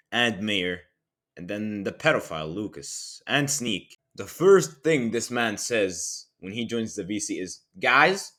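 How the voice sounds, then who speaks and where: A young man with a slightly low voice narrates a storytime vlog. He retells events in an animated, mocking way. His speech is full of casual slang. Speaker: channel host.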